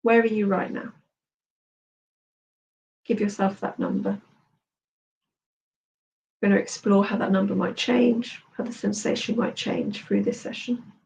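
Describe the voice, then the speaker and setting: A woman therapist and coach talks a listener through a tapping session in a slow, gentle voice at a middle pitch. She gives calm, steady instructions. The mic sits a little away from her. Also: vocal fry, distant mic, highs cut off, a little hiss or hum. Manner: slow, soothing guided instruction.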